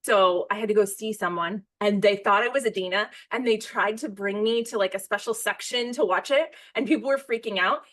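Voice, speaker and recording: In casual podcast conversation, an American woman in her thirties gushes and wanders, often interrupting herself before finishing a sentence. She talks a little fast with hardly any pauses, in a medium-pitched, slightly bright voice.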